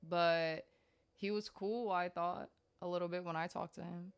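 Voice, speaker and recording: A woman's voice: fairly low pitch, fairly even intonation, moderate pace, clear, resonant tone. A woman hosting a live game stream, chatting in a laid-back, rambling way. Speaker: streamer host. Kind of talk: casual stream chat.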